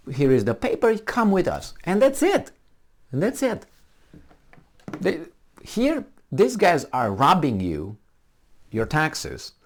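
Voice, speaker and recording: A middle-aged man giving a combative, sarcastic commentary full of rhetorical questions. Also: medium pitch. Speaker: political commentator. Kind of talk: ranting commentary.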